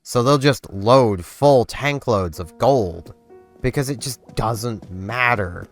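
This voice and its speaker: A man's voice: mid-range voice, takes it slowly. A man hosting his own gaming channel, rambling casually and loosely as he plays. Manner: rambling, loose, filler-heavy. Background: game music.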